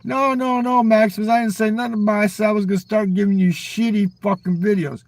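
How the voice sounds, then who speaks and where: Gravelly older man, swearing, rambling. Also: high voice, flat delivery, fast. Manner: profane, rambling, ends lines with "man"; talks back to chat viewers. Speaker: live streamer. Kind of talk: rambling live-stream chat. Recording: voice a little far from the mic.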